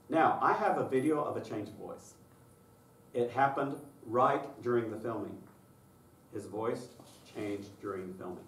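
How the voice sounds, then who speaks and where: A man giving a conference workshop on children's singing, talking in a lively way and breaking into high falsetto to imitate children. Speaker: choir director and workshop presenter. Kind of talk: conference workshop talk with sung demonstrations. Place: conference room. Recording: roomy distant recording with faint noise.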